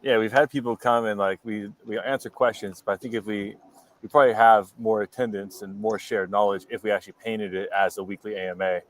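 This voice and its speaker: A man's voice: fairly low pitch, steady tone, a little fast, a little hiss or hum. A man with a Dutch accent co-hosting a casual online chat, talkative and jokey, with many fillers. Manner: chatty, filler-heavy, jokey.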